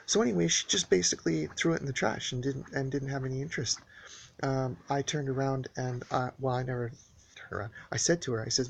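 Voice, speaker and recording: A man's voice: mid-range voice, fairly quick, creaky. A man telling a long story in a casual spoken monologue, rambling and aggrieved, with many restarts and fillers.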